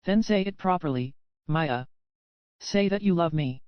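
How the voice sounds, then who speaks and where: An arrogant, possessive young man, read by a male narrator gives short, commanding lines. The voice is smooth and fairly high, and the recording is dull and dry. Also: expressive, measured pace, dry recording.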